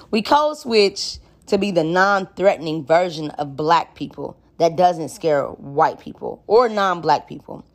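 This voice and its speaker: A woman's voice: fairly low pitch, darkish tone. A woman hosting a solo podcast, talking casually in a frank, joking and profane way. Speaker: podcast host.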